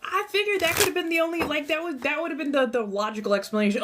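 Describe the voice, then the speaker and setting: A woman's voice: on the high side, quick pace, few pauses, a little hiss or hum. Chatty Southern-tinged American woman streamer. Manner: animated, laughing, reacting to chat. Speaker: livestream host. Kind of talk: casual livestream chat.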